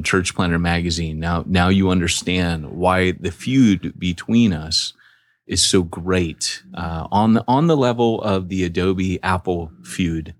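A man co-hosting a podcast, bantering in a relaxed, joking way. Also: sits low, no echo, studio quality. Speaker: podcast co-host. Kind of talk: casual podcast chat.

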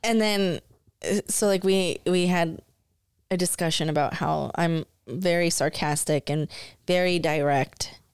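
A sarcastic woman co-host chatting on a podcast, her voice smooth and clear, recorded close and dry with no room sound. She tells stories with lots of laughter. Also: fairly low pitch, unhurried, dry recording. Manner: sarcastic, storytelling, laughs often. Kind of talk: casual podcast chat.

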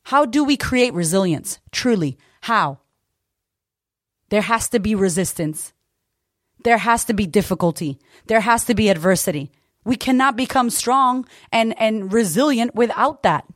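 A woman's voice: on the high side, unhurried, long pauses, dry recording, studio quality. A woman hosting a podcast, giving an emphatic, profane motivational talk. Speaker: podcast host. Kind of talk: motivational monologue.

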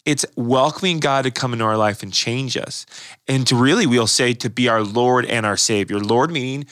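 A man's voice: mid-range voice, normal speed, fairly bright tone, no room sound, clean studio sound. A male pastor explaining faith in a casual, earnest discussion, often repeating words as he restarts his thoughts.

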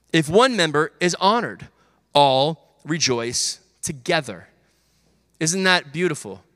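A man's voice: on the high side, sharp tone. A young man preaching a sermon, telling sports stories with energy and acting out the voices of teammates and his coach. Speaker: pastor. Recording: long hall reverb.

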